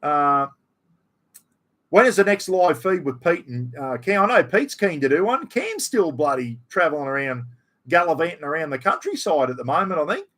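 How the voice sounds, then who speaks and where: A man's voice: a little high, sing-song, normal speed, a bit bright. A middle-aged Australian man hosting a live stream, rambling in casual chat full of slang. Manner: rambling, chatty, ocker slang.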